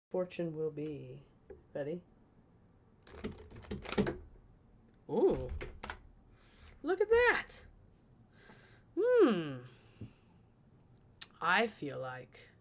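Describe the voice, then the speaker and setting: A woman playing a slow-talking poison witch villainess. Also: fairly low pitch, a bit bright. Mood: mystical. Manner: rambling, drawn-out, playfully mean. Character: scheming female poison witch villainess, fortune teller. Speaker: streamer. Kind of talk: in-character livestream role-play.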